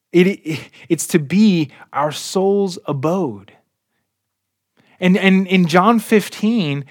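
Man, pastor preaching a sermon, earnest, slow, high voice, dry close sound. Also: dry recording.

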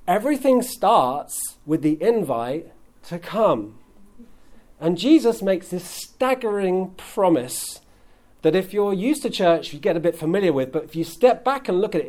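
Earnest preaching man, slightly higher voice. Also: a little mellow. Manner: earnest preaching, builds emphasis on key phrases. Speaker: pastor. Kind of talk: sermon.

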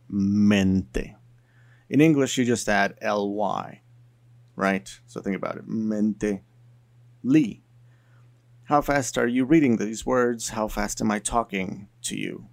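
Man, casual explainer, low gravelly voice, filler-heavy delivery. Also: no echo. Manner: chatty, many fillers like "you know". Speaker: video essayist on languages.

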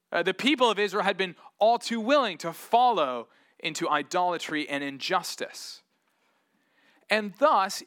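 Man, pastor, sermon; bright, slightly high voice, earnest and conversational, rhetorical questions. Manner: conversational, casual asides.

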